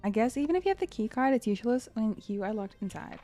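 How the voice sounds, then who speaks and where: A weary lab manager, read aloud by a woman, works through grim diary entries in an earnest, somber voice. The voice sits fairly high and moves a lot in pitch. Faint game music plays underneath. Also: expressive, fast, dark tone, lightly acted.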